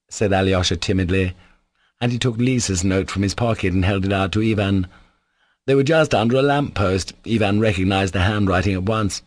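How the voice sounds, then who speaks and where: A man narrating a classic novel as an audiobook, in a measured storytelling manner. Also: low-pitched, fairly even intonation, no echo. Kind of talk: scripted literary narration.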